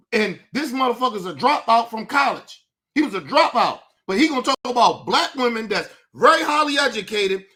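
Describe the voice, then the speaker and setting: A man's voice: very high voice, sharp tone. A male streamer hosting his show, ranting in a profane, combative and taunting way. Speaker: host. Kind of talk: livestream commentary rant.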